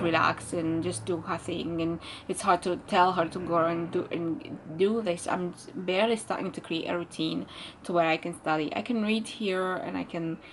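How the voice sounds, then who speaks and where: A woman's voice: fairly low pitch, a bit bright, a little hiss or hum, low-quality recording. A woman vlogger telling a spiritual storytime in a rambling, musing way, with many restarts and fillers and a laugh now and then. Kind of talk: casual storytime monologue.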